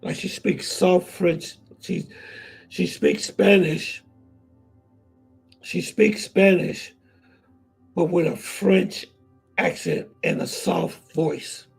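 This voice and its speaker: A man's voice: high voice, steady tone, very slow, vocal fry, long pauses, husky, faint music behind, low-quality recording. A man hosting a casual livestream, talking straight to his viewers and chat, repeating himself for emphasis. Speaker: vlog host.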